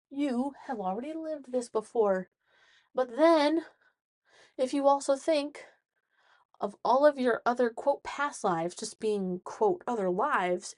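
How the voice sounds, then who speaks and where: A woman hosting a solo podcast from inside a small closet, talking in an excitable, rambling way with many restarts. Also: a little high, no room sound, clean studio sound. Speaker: podcast host.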